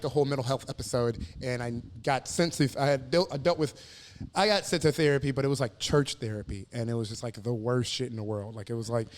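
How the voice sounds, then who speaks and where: A man from Houston, a comedian guest in a casual podcast chat, telling stories with bursts of laughter and acted-out voices. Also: medium pitch. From Houston, Texas. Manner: animated storyteller, bursts into laughter, acts out voices.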